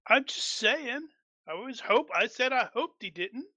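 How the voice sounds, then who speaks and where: A man's voice: very high-pitched, animated, normal speed, sharp tone, dry recording, low-quality recording. A man who served in the army, chatting at a tabletop game and telling wry stories. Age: adult army veteran. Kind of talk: casual game table chat.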